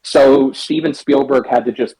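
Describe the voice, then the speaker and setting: A man with a husky, slightly breathy voice talks casually as a podcast co-host. He rambles and restarts as he retells things. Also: mid-range voice, steady tone, moderate pace, dark tone, rough recording. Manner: rambling, restarts, acts out lines in raised voices. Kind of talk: casual chat, retelling a game scene.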